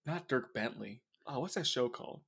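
Podcast guy chatting about comics, rambly, laughs a lot, lively pitch. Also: moderate pace, creaky, slightly rough. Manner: laughs often, rambling and playful. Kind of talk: casual podcast banter.

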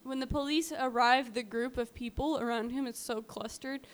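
A woman's voice: sits high, fairly even intonation, moderate pace. A woman co-hosting a podcast, telling a true-crime story in a chatty way with lots of fillers. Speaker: podcast co-host. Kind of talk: casual true-crime chat.

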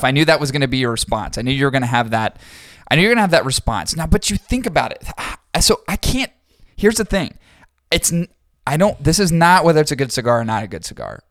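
Male podcast co-host, mid-pitched, casual and rambling, dry studio sound. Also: fairly bright tone, no echo. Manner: rambling, thinks aloud with restarts and swearing. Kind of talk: casual chat.

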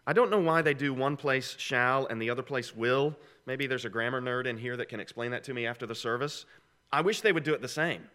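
A man's voice: mid-range voice, expressive, normal speed, a bit bright. A middle-aged man preaching a conversational, emphatic sermon to a congregation, posing rhetorical questions. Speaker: pastor.

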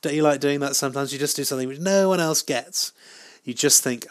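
A man hosting a solo podcast, rambling through a comic monologue in a deadpan, self-mocking way with frequent hesitations and restarts. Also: medium pitch, fast talker. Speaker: podcast host.

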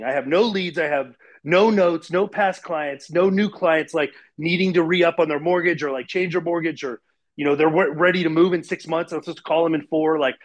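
A man in his forties telling a personal story in casual interview talk, animated and full of fillers, acting out the voices of others. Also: medium pitch. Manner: animated, acts out quoted voices, many fillers. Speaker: guest.

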